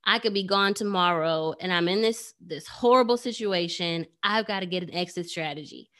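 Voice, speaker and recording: A woman in her thirties telling a personal story in a casual, animated way, with lots of "like" fillers and sarcastic asides. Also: on the low side, normal speed. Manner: frequent "like" fillers. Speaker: trading educator.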